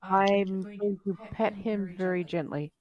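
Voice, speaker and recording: A woman playing a tabletop game, speaking in a tentative, gentle way. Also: mid-range voice, fairly even intonation, measured pace, dry recording, muffled recording. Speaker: player. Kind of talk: casual tabletop play.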